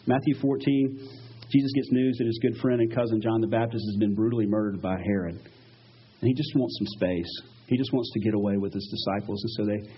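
A male pastor preaching a sermon, retelling stories with lively acted-out quotes. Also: fairly low pitch, a little fast, husky, highs cut off. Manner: animated storytelling, acts out quoted voices.

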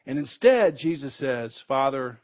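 A man's voice: on the high side, measured pace. A man preaching a sermon in an emphatic way, building to fervent peaks, heard on a dull, lo-fi recording.

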